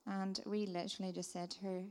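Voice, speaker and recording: A woman's voice: medium pitch, little pitch movement, brisk, darkish tone. A woman giving an earnest, heartfelt testimony about her missionary work, telling it as a story. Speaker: missionary speaker. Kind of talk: testimony talk. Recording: reverberant hall.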